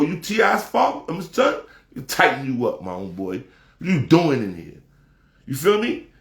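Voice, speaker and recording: A man delivering a heated, profane casual rant, talking with emphasis and rising to shouts. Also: on the high side, reverberant. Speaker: commentator.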